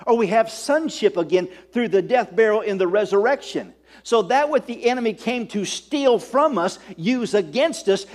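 A man's voice: high-pitched, darkish tone. A middle-aged man preaching a sermon as pastor, building to emphatic call-outs and asking the congregation for an amen.

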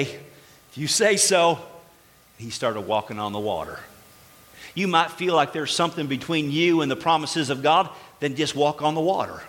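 A man preaching a sermon as pastor to his church, animated and exclaiming, acting out little dialogues. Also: on the high side, big-room sound. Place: church sanctuary.

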